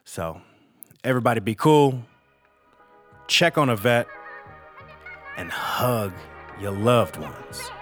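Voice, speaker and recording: A man's voice: medium pitch, lively intonation, slow, pauses often, fairly bright tone, soft background music. A man hosting a podcast, talking in a candid, rambling, emotional monologue and swearing freely. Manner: emotional and reflective. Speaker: podcast host. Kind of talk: casual spoken monologue.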